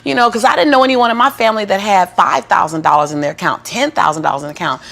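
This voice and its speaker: Gravelly, animated woman storyteller. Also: medium pitch, rapid-fire. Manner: animated, laughing storyteller, preacherly build-ups. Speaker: motivational speaker, guest. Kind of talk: storytelling interview talk.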